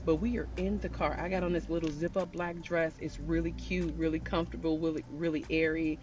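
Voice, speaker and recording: A woman's voice: sits low, flat delivery, a little fast, a little mellow, soft background music. A woman telling a personal story in a chatty storytime style, talking straight to her viewers. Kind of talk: casual storytime.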